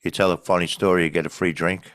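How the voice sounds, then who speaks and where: A male podcast host with a very deep voice. He asks casual follow-up questions and keeps the guest talking with short, encouraging replies. The recording is dry and close. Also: level tone, fast, fairly bright tone, no room sound. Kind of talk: casual interview.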